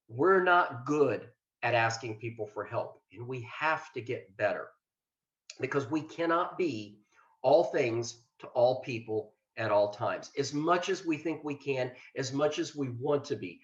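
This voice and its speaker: An older man from Ohio, a retired state trooper, giving a plainspoken, earnest talk on self-care with self-deprecating asides. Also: fairly high pitch. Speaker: mental health liaison, former state trooper. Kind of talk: webinar presentation. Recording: roomy, dull lo-fi sound.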